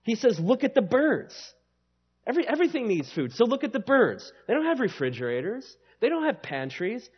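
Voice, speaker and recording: A male pastor delivers a sermon with a high, very lively voice that swings up and down. He preaches in an emphatic, conversational way. The recording sounds slightly dull and lo-fi. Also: fast, hardly any pauses, husky.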